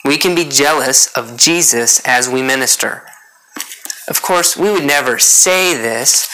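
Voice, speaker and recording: A preacher giving an earnest sermon in a bright, forceful voice. The delivery circles back to key points for emphasis and keeps pressing the congregation with questions. The pitch sits in a plain middle register. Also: expressive, moderate pace, rough recording.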